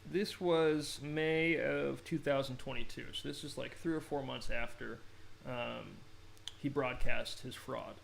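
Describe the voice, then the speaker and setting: A man's voice: mid-range voice, steady tone, unhurried, creaky, slight background noise, rough recording. An American man giving a rambling, combative commentary, reading an old treaty aloud and laughing often. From United States. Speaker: online commentator.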